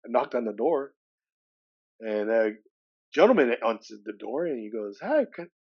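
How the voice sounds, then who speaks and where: A man in his sixties, a podcast guest from California, telling a personal story with animated delivery. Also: mid-range voice, normal speed, dull audio. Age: 60s. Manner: animated storyteller who acts out dialogue with shifting voices.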